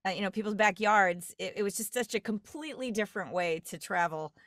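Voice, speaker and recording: A woman's voice: mid-range voice, brisk, a bit bright, no echo, clean studio sound. A woman from New York, a dialect coach, telling stories in a rambling casual chat full of fillers and restarts. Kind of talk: casual podcast conversation.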